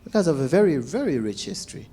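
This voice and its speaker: A man, a stand-up comedian telling stories to a crowd and acting out shouts and quoted voices. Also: on the high side, fast talker, husky. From Zambia. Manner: animated, acts out shouts and quotes. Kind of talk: stand-up storytelling.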